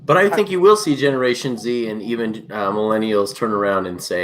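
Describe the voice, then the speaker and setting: A man's voice: on the low side, fairly quick, a bit bright, slight background noise. A man on a casual live online show, talking in an earnest, persuasive way. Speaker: podcast co-host. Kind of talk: casual chat.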